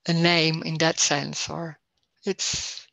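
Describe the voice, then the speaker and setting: A woman hosting a spiritual talk on a video call, searching haltingly for words with many restarts. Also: deep voice, level tone, gravelly, a bit bright, no room sound. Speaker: non-duality talk host. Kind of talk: casual spiritual conversation over video call.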